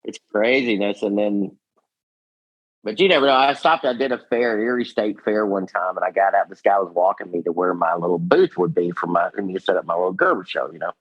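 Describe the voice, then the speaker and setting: A man in his sixties, a puppeteer guest, telling stories in an animated, laughing way. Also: deep voice, fairly quick, no room sound, muffled recording. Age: 60s. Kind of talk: casual storytelling.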